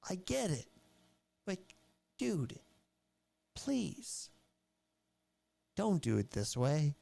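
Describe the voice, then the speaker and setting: Guy reacting on a stream, slow gravelly talk, high and all over the place, swears a lot. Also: mellow. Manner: rambling, emotional, swearing. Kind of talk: casual reaction livestream.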